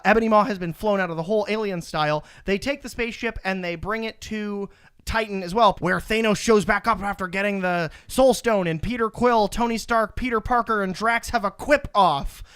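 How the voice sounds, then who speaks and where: A man hosting a podcast, rushing through a casual movie recap with plenty of profanity. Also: sits high, a bit bright, clear, resonant tone. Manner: rushed, profane storytelling. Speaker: podcast host.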